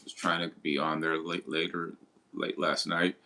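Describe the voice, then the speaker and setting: A man's voice: deep voice, little pitch movement, moderate pace, vocal fry, pushed and bright. A man casually chatting with his live stream viewers and greeting them. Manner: laid-back, greets chat and asks questions.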